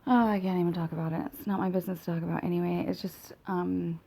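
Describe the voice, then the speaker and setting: A woman's voice: on the low side, steady tone, quick pace, vocal fry, mellow, low-quality recording. A woman in her late thirties talking in a rambling, candid, profane confessional vlog, recorded on a phone. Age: late 30s.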